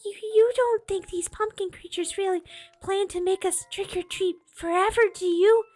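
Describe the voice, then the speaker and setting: A woman's voice: very high voice, fairly even intonation, normal speed, a little mellow, voice pushed up. A woman voicing a scared young girl who pleads shrilly and trembles, in a storybook reading. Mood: frightened.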